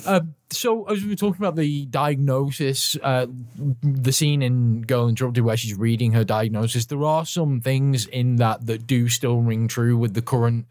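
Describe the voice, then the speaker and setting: A man's voice: mid-range voice, moderate pace, hardly any pauses, darkish tone, no room sound, clean studio sound. A man co-hosting a podcast in casual chat, rambling and self-deprecating, with frequent swearing. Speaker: podcast co-host.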